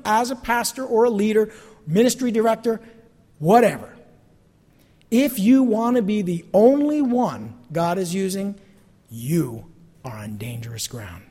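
Animated high-voiced man preaching a sermon. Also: in a large hall. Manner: animated, acts out quoted voices. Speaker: pastor.

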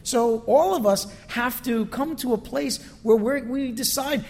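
A man's voice: very high voice, lively intonation, measured pace, hardly any pauses, a little mellow. A male pastor giving a conversational sermon that is full of rhetorical questions, recorded in a church sanctuary. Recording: long reverb from a hall.

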